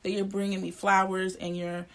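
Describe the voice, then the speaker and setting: A woman's voice: medium pitch, little pitch movement, moderate pace. A woman in her twenties co-hosting a podcast, talking in a blunt, emphatic, profane casual chat. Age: 20s. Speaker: podcast co-host.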